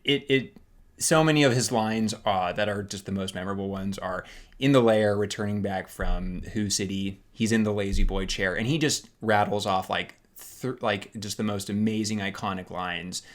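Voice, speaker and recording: Young man, low-pitched, chatty and excitable co-host. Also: moderate pace. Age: young adult. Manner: enthusiastic, rambling with restarts. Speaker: podcast co-host. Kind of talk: casual chat.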